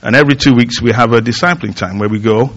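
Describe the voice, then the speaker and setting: A man's voice: medium pitch, quick pace, fairly bright tone, highs cut off. A middle-aged man giving a sermon in a conversational, self-deprecating way, with many fillers and restarts. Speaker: pastor.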